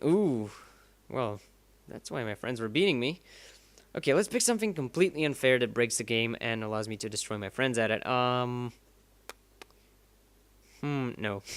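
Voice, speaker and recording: Man, gaming commentary, rambling and sarcastic, mid-pitched voice, faint background noise. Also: fairly bright tone. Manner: rambling, sarcastic, emphatic bursts. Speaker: gaming YouTuber. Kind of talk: casual playthrough commentary.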